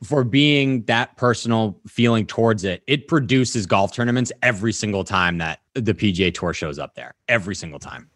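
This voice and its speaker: A man's voice: fairly low pitch, lively intonation, moderate pace, hardly any pauses, fairly bright tone, dry recording, clean studio sound. A man co-hosting a podcast, talking golf in a blunt, casual way and swearing freely. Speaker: podcast co-host. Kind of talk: casual sports chat.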